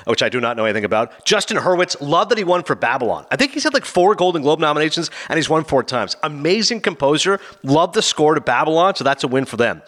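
Excitable guy chatting about award shows, quick talker, bright voice, pitch all over the place. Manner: animated, acts out quotes in funny voices. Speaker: film commentator. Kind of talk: casual opinionated chat.

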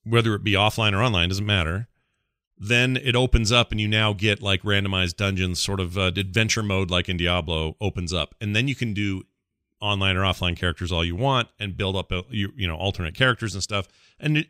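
A man's voice: deep voice, a little fast, bright, forceful tone, no echo, studio quality. A man co-hosting a podcast, chatting casually and rambling with fillers and self-corrections. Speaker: podcast co-host. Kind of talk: casual gaming chat.

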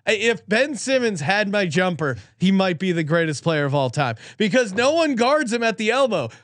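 A man co-hosting a sports betting podcast, chatting quickly with laughing banter. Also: high-pitched, big pitch swings, fairly bright tone, no echo, studio quality. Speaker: podcast co-host.

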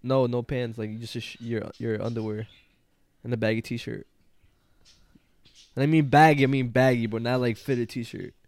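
Laid-back young man, smooth clear voice. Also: medium pitch, steady tone, normal speed, long pauses, darkish tone, no room sound. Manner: laid-back, swearing, laughing often. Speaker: podcast co-host. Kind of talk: casual chat.

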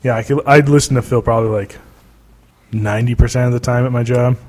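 A man's voice: medium pitch, steady tone, quick pace, darkish tone. A man hosting a casual podcast chat, teasing and laughing often. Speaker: podcast host.

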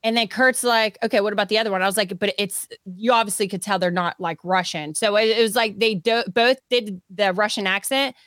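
A woman's voice: medium pitch, fairly quick, few pauses, a bit bright, no echo. A woman co-hosting a podcast, chatting loosely, rambling and full of filler words. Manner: rambling, filler-heavy, giggly. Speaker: podcast co-host. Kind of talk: casual chat.

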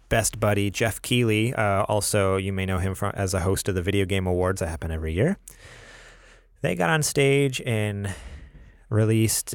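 A man's voice: medium pitch, no room sound, clean studio sound. A young man co-hosting a podcast in casual chat, rambling with lots of fillers. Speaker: podcast co-host.

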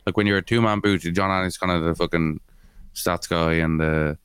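A man's voice: low-pitched, steady tone, normal speed, fairly bright tone, smooth, dry recording. A man co-hosting a podcast in casual sports chat, rambling with lots of fillers and swearing. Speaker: podcast co-host.

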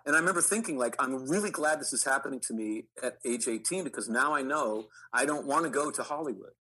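A middle-aged man, an actor guest, telling animated stories in an interview with frequent restarts. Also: mid-range voice, quick pace, slightly rough, poor audio. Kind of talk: storytelling interview.

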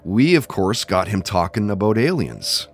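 An easygoing man hosting a podcast, his voice sitting a little low. He moves between a read-out guest introduction and relaxed chat. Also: normal speed, no echo, faint music behind. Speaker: podcast host.

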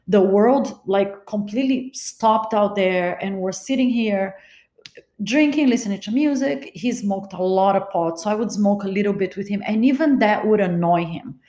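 A woman's voice: medium pitch, darkish tone, roomy sound. A woman from Los Angeles hosting a podcast, telling a personal story in a candid, wry, confiding way. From Los Angeles, California. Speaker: podcast host.

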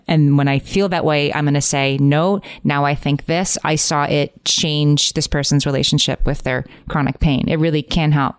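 Smooth low-pitched woman co-host. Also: no room sound, clean studio sound. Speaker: podcast co-host. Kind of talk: casual chat.

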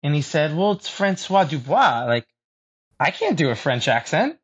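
A man's voice: on the high side, sing-song, normal speed, husky. A young man, a stage actor, chatting as an interview guest in a self-deprecating way with frequent laughs and restarts. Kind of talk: casual interview chat. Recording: dull lo-fi sound.

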